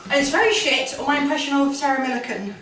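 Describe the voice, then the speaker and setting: A woman's voice: high voice, quick pace. A woman doing a cheeky, crude, self-deprecating stand-up set in a comedy club. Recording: echoey club from far off, noisy.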